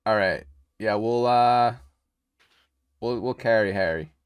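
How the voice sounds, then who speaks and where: Male tabletop player, low voice, hesitant and joking, dry sound. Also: takes it slowly, smooth, no room sound. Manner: hesitant, restarts and jokes. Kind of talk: casual tabletop game chat.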